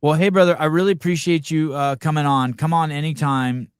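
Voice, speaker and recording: A man's voice: on the high side, fairly even intonation, a little fast, clean tone, no echo, studio quality. A man hosting a podcast, chatting casually with a guest, swearing now and then. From California. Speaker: podcast host.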